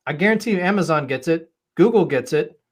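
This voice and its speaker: Slightly high-voiced guy on a webinar panel, pushy and persuasive, stumbles on first words. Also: animated, fast talker. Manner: emphatic, persuasive, repeats words when starting. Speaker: webinar panelist, agile consultant.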